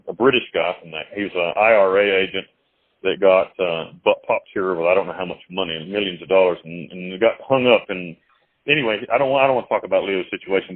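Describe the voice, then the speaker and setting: A man's voice: deep voice, fairly quick, no room sound. A man being interviewed as an author, talking in a blunt, rambling, casual way over a phone call. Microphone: phone call from jail. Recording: tinny phone line.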